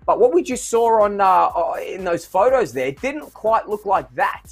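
A man's voice: high voice, very animated, normal speed, slightly rough, faint music behind. A man hosting an online show in a playful, theatrical, jokey way. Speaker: host.

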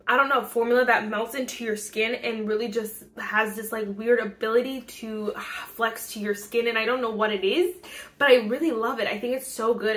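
A woman's voice: on the high side, a bit bright. A young woman vlogging casual beauty product reviews, gushing and bubbly with lots of fillers and laughter, recorded on a phone camera.

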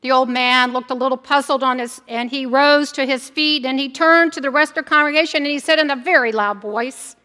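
High bright woman preaching in a church. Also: a little fast, hardly any pauses. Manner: warm storytelling with a gentle joke. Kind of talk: ordination sermon. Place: church sanctuary. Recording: church sanctuary with long reverb.

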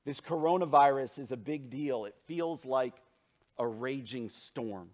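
A man preaching a sermon as pastor, earnest and emphatic, dropping low and soft when he turns to scripture. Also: unhurried.

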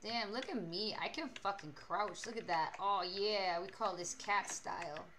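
Bright-voiced, teasing young woman streamer. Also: medium pitch, measured pace, a little hiss or hum. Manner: playful, teasing, swears a lot. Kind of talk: casual gaming stream chat.

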